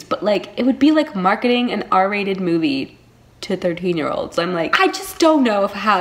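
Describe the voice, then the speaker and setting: A woman chatting casually in a reading vlog, giggly and full of filler words. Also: mid-range voice. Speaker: book vlogger.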